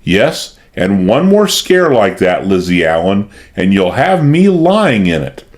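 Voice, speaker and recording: A man voicing an irritable, sharp-tongued elderly mistress of the house in an audiobook. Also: medium pitch, wildly swooping pitch, unhurried. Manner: tart, impatient. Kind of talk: audiobook character voice.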